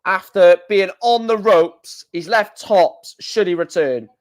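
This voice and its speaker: An excitable man commentating live on a stream, shouting and repeating himself at big moments. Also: high voice, takes it slowly.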